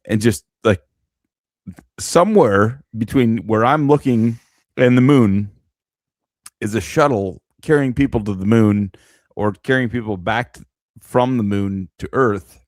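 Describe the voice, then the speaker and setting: A man's voice: on the low side, unhurried, long pauses, a little mellow, no echo, studio quality. A man in casual podcast chat, speaking in a hesitant, uneasy way.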